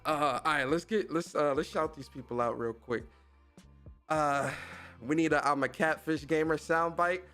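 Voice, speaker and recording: Hyped man giving stream shout-outs. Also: on the high side, unhurried, faint music behind. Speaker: podcast and stream host. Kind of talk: casual live-stream chat.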